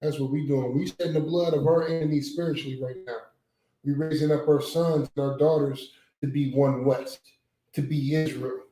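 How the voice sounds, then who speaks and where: A man's voice: on the high side, fairly even intonation, normal speed, dark tone. Emphatic Southern man leading a class. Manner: emphatic, preachy, casual slang. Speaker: class teacher. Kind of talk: religious class discussion. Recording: echoey room.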